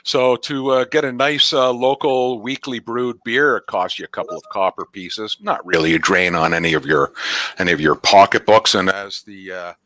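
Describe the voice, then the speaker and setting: Forceful low-voiced man as game master. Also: normal speed. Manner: rambling, with frequent fillers and restarts. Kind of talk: narrating a tabletop game.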